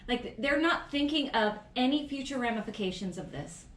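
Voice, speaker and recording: A woman's voice: a little high, lively intonation, moderate pace, far from the mic, slight background noise. A woman co-hosting a podcast in casual chat, giggly and chatty, often trailing off mid-thought. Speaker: podcast co-host. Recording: roomy echo.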